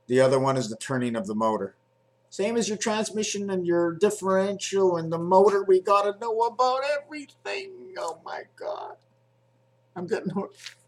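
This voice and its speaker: A man talking in a casual, digressive monologue, hopping between numbers and ideas while handling objects on camera. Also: mid-range voice. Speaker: video blogger.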